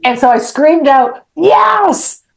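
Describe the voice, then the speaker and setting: Middle-aged woman guest on a podcast, frank and lively, voices each line of her story as she tells it. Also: medium pitch, moderate pace, low-quality recording. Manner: animated, acts out dialogue, frank and blunt. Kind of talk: personal storytelling in an interview.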